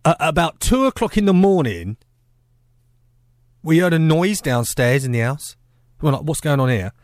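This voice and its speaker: A man's voice: a little high, big pitch swings, measured pace, dry recording. A man hosting breakfast radio, cheeky and teasing in playful banter from a studio.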